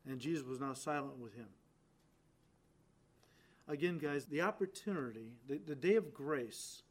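A man preaching a sermon, stressing phrases loudly and dropping to quiet, low endings, turning to the listeners and acting out quoted lines. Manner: addresses listeners directly, acts out quoted lines.

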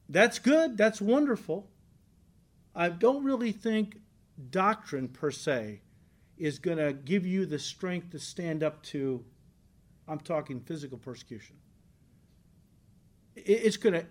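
A male pastor with a voice on the high side preaches earnestly and emphatically to a church congregation. He drives points home by repeating key lines and often checks in with "right?"

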